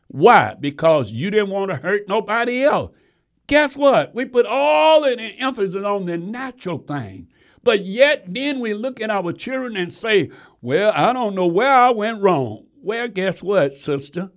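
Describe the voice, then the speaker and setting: A man with a high voice preaches in a folksy, rhythmic way. He calls out to the congregation by name and swings between loud, climbing lines and quiet, hushed ones. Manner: rhythmic preaching with sudden rises and drops in pitch and volume. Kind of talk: sermon.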